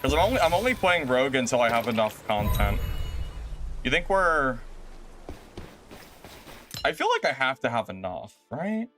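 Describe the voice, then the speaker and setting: Exasperated male game streamer. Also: faint music behind. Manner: animated and exasperated, quick exclamations with big pitch jumps. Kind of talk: live gameplay stream chat.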